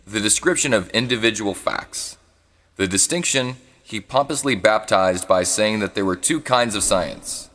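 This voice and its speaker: A man giving a live reading of a philosophy book. He reads haltingly, restarts and corrects misread words, and adds asides when he is unsure how to say foreign words. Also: on the low side, a bit bright, big-room sound. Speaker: reader.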